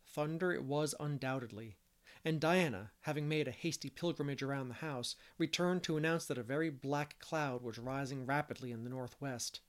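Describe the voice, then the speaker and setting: A man reading a classic novel aloud as an audiobook narrator, steady and measured. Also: medium pitch. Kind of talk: scripted narration.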